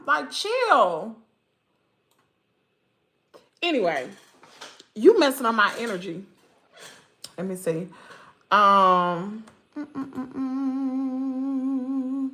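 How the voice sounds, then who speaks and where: This channel host, a Mississippi woman with a Southern American accent, chats exclaimingly with her livestream viewers until she turns to scolding the chat. Her fairly high voice sounds bright and forceful.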